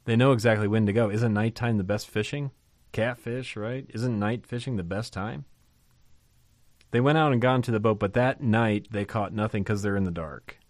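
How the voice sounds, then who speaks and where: A man with a low voice preaches a Bible text in an emphatic, animated way. He repeats the key phrases again and again to drive them home. The sound is dry and close. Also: normal speed, no echo. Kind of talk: sermon teaching on a Bible text.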